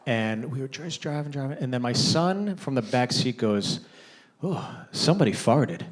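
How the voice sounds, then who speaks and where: A man's voice: medium pitch, lively intonation, moderate pace. A male comedian co-hosting a podcast, telling wry jokes and acting out voices in casual chat. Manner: wry, jokey, acts out voices.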